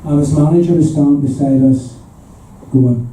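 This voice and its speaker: A man's voice: a little high, moderate pace, dark tone, slight background noise. A man in his seventies with a Belfast accent, telling chuckling stories as a guest before a live audience. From Northern Ireland. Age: 70s. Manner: chuckling anecdotal storyteller. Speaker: guest musician. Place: hall at an audience event. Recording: echoey room from far off.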